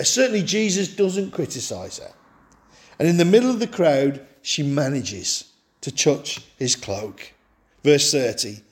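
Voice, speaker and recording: A man preaching a sermon, telling a story in an animated way and acting out the quotes. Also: high-pitched.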